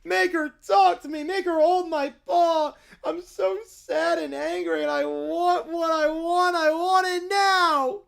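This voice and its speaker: A woman's voice: extremely high pitch, fairly even intonation, slow, creaky, few pauses, exaggerated voice. A woman voicing a lovesick, petulant little male gray bear cub in a cartoon clip, whining and sobbing as it makes demands. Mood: demanding. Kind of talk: AI-generated cartoon video clip.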